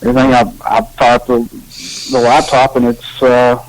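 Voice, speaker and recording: A man chatting casually as a podcast co-host, rambling and relaxed, with many restarts. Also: medium pitch, moderate pace, a little hiss or hum, low-quality recording. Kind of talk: casual chat.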